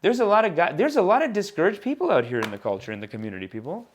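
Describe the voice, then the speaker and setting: A man hosting his own podcast as a comedian, rambling in a casual, animated monologue aimed straight at his listeners. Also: high-pitched, very fast, slight background noise.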